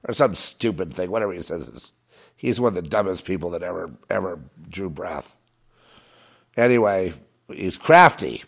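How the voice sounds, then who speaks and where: Lowish guy ranting on his own show, halting, trails off then gets loud. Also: animated, vocal fry, breathy edge. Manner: agitated, swings from muttering to shouting; halting, many restarts. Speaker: commentator. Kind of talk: rambling political monologue.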